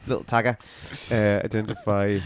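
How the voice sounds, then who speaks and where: A man's voice: on the low side, little pitch movement, normal speed. An Irish man co-hosting a podcast in casual chat, laughing easily and restarting his sentences. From Ireland. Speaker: podcast co-host.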